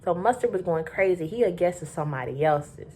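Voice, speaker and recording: A woman from Florida spins a loose, profane storytime, rambling and animated as she goes. Her voice sits on the lower side, with a faint rumble humming underneath. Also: a little fast. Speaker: vlogger telling a work story. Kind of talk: casual storytime.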